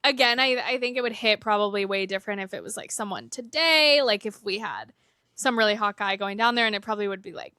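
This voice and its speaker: A woman's voice: medium pitch, quick pace, sharp tone, clear, resonant tone, no echo, clean studio sound. A young woman cohosting a podcast in casual chat, hesitant and full of fillers. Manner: hesitant, lots of "like" and trailing off.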